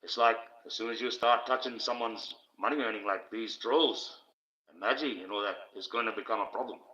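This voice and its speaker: A man's voice: mid-range voice, fairly even intonation, quick pace, sharp tone. A man rambling on a livestream, talking casually and swearing freely. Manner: profane, rambling, conversational. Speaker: livestream host. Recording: dull, echoey room sound.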